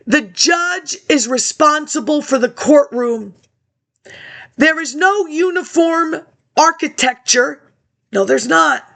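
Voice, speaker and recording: A woman's voice: high-pitched, a bit bright. A woman rambling through old archive documents in a scattered monologue, answering herself in asides. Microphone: laptop webcam.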